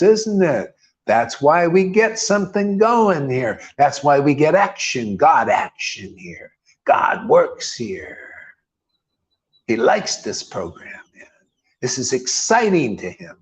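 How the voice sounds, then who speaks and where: A middle-aged man giving an informal scripture sermon, emphatic, with rhetorical questions and repeated key words. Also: a little high. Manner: emphatic, keeps calling listeners "man". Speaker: spiritual teacher. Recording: dull lo-fi recording.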